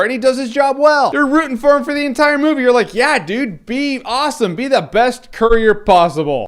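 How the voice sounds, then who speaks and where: A young man with a notably high voice talks through a movie review. He is loose and slangy, and he slips into little acted-out quotes as he goes. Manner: animated, slangy, acts out quotes. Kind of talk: casual video review.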